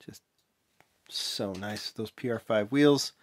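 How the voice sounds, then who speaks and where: A man's voice: lowish voice, takes it slowly. A man hosting a casual show-and-tell vlog, talking in an offhand, mumbling way and often correcting himself. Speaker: vlog host, toy car collector.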